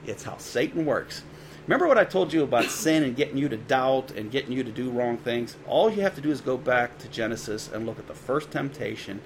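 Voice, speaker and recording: A man preaching a sermon in a conversational way, with quick asides and dramatic quoted voices. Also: mid-range voice, expressive, slight background noise. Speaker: pastor.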